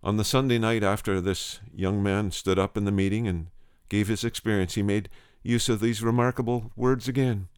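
A man's voice: fairly low pitch, steady tone, moderate pace, hardly any pauses, smooth, no echo, clean studio sound. A male preacher telling a story in a sermon, earnest, restarting phrases and repeating words for emphasis.

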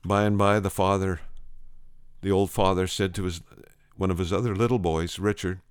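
Low smooth preacher guy, earnest, repeats himself, dry close sound. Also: fairly even intonation, normal speed, no echo. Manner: earnest, restarts phrases, repeats for emphasis. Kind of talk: sermon storytelling.

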